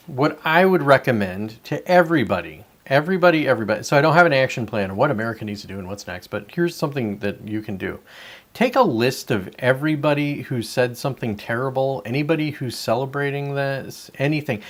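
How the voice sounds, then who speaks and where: A man's voice: medium pitch, lively intonation, fairly quick. A man hosting a casual solo livestream, rambling and talking to his chat viewers by name between sips of coffee. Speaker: livestream host.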